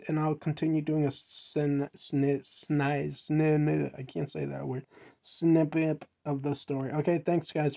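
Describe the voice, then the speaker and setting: A man's voice: on the high side, vocal fry, darkish tone. A young man giving a casual, joking recap of a manga, commenting on it with disbelief as he goes. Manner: incredulous, joking running commentary. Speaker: manga recap channel host.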